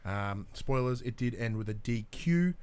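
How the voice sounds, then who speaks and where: A man's voice: medium pitch, expressive, normal speed, a little mellow, a little hiss or hum. A man co-hosting a casual podcast, swearing freely, laughing and acting out wrestlers' lines. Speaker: podcast co-host. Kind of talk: casual chat recapping wrestling.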